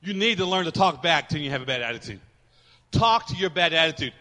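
A man preaching a sermon in a large church, fervent and emphatic, sometimes rising to shouts. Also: a little high, animated, fast talker. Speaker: pastor. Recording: long reverb of a church hall.

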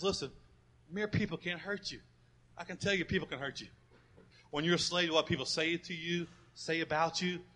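A pastor delivers a fervent sermon in a high, ringing voice. He swells to loud call-and-response with the congregation, then falls back to hushed, earnest asides. His tone is bright and cutting.

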